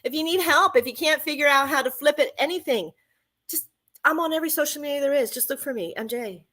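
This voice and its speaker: Woman radio host, fervent affirmations, bright tone. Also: sits high, fast. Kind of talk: inspirational radio talk.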